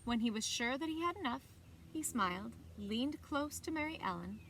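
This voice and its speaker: A librarian reading a picture book aloud to children, expressive and animated. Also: female voice, on the high side, moderate pace, a little hiss or hum. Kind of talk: children's story time read-aloud.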